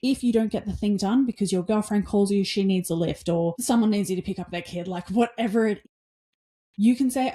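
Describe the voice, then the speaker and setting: An energetic woman hosts her own podcast, talking straight to her listeners with a mellow, warm tone. She is blunt and swears freely, and acts out little back-and-forth dialogues in her own voice. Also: medium pitch, brisk. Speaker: podcast host. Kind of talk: casual motivational talk.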